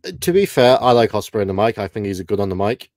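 A man from the UK co-hosting a casual livestream, matter-of-fact and quick to chuckle. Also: on the low side, lively intonation, a little mellow, no echo, clean studio sound. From United Kingdom. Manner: matter-of-fact, chuckles often, light swearing. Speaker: co-host. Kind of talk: casual livestream chat, reading out ratings.

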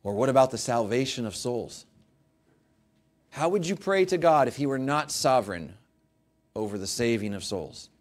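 A man's voice: medium pitch, animated, normal speed, pauses often. Male pastor, mid-range voice, emphatic sermon delivery with mock-pleading quoted prayers. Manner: emphatic, rising to forceful peaks on key points.

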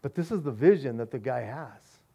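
A man preaching as a pastor, excited and casual, often repeating words and saying "man". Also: medium pitch, normal speed, gravelly, slightly rough. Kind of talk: expository sermon.

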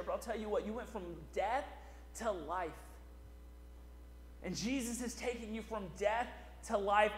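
A man's voice: high voice, a little hiss or hum. A man preaching a sermon as pastor, in a conversational style full of "right?" asides. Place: church sanctuary. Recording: echoey church hall.

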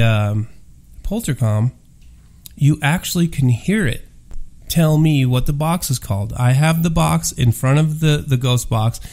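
A man's voice: medium pitch, creaky, darkish tone. A man hosting a paranormal audio show, ranting in a profane, rambling, emphatic monologue.

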